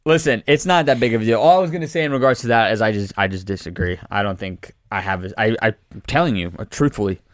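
A man's voice: fairly low pitch, quick pace, no room sound. A young man talking casually as a podcast guest, rambling and playfully defensive.

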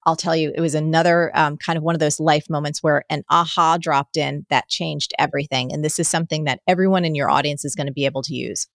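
A middle-aged woman, a guest on an interview podcast, telling stories in an energetic, animated way. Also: deep voice, fast, hardly any pauses, no room sound.

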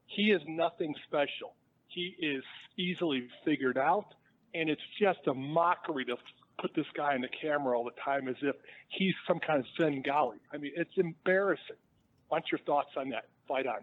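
A man's voice: on the high side, moderate pace. Exasperated male caller over a tinny phone. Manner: blunt, exasperated, punchy complaints. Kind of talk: call-in comment to a sports show.

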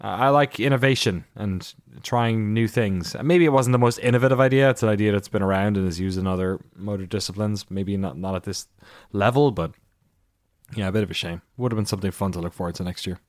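A man's voice: lowish voice, a little fast, no echo. A man co-hosting a casual podcast, hesitant and full of fillers, with dry sarcastic asides. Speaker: podcast co-host. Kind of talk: casual chat.

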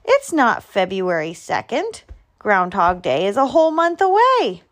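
A woman voicing a fussy, sleepy little male squirrel with a high, complaining voice. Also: expressive, unhurried. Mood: indignant.

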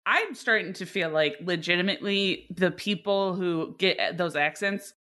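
A woman's voice: fairly low pitch, moderate pace, bright, forceful tone. A woman co-hosting a podcast, chatting casually with sarcastic jokes. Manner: sarcastic, jokey. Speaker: podcast co-host. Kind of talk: casual chat.

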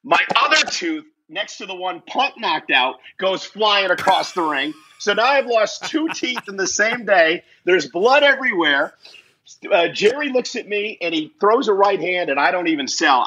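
High-pitched with a breathy edge, a man appearing as a guest in a casual interview recounts a lively, self-deprecating tale and performs the other people's voices. The recording quality is low.

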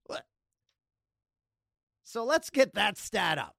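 Canadian guy doing his podcast, jokey, voice jumps all over, kinda gravelly. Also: on the high side, normal speed, long pauses, no room sound, studio quality. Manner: animated, jokey, shifts into loud playful outbursts. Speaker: podcast host. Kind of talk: casual solo podcast chat.

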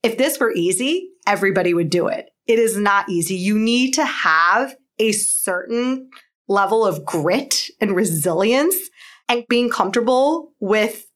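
Her voice sits at medium pitch with lively intonation, and she talks a little slowly. She's a woman in her thirties, a mother and pharma entrepreneur, chatting loosely in an interview, laughing a lot and leaning on "like."

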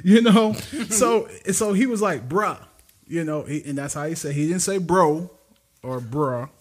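His voice is a little high and his delivery unhurried as this podcast co-host tells a story in a relaxed chat. He is an animated storyteller who laughs a lot and acts out the people he quotes.

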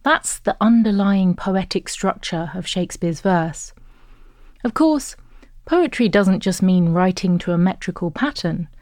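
A woman narrating an educational course in a clear, even, instructive scripted read. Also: fairly low pitch, unhurried, dry recording, studio quality.

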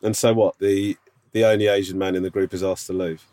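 A man's voice: sits low, level tone, a little fast, dark tone. A man co-hosting a casual podcast chat, teasing his friend with incredulous questions. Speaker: podcast co-host.

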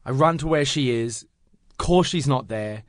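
A man in his twenties telling a story in casual podcast chat, acting out the other people with big jumps in pitch. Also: moderate pace, no echo, clean studio sound. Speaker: podcast co-host.

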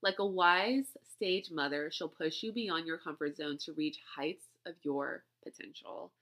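A woman with a low-pitched, slightly bright voice hosts a podcast at a measured pace. Her casual monologue is chatty and rambling, and she laughs often.

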